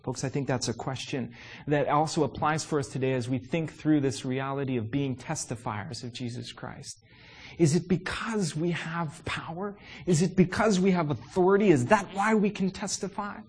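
Husky-voiced man preaching with animated emphasis. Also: on the high side, normal speed. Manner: animated and emphatic, rhetorical questions, frequent "uh" fillers. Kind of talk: sermon.

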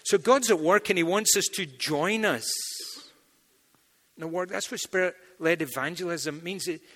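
Animated male preacher in a reverberant hall. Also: mid-range voice. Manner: animated storytelling, acts out dialogue. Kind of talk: sermon with anecdotes.

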